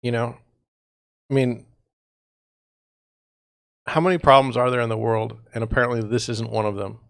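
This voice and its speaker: A man's voice: mid-range voice, fairly even intonation, moderate pace, creaky, no room sound, clean studio sound. A man hosting a real estate livestream, talking in a rambling, exasperated way with sarcastic asides, sounding tired. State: tired, yawning. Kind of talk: casual livestream monologue.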